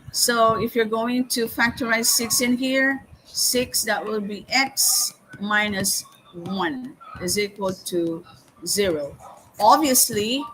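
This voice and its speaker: A woman teaching calculus step by step in a live lesson, often pausing with "okay" and "hang on". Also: a little high, a bit bright, a little hiss or hum, poor audio. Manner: slow, step-by-step explaining with frequent "okay" and "hang on". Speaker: math teacher.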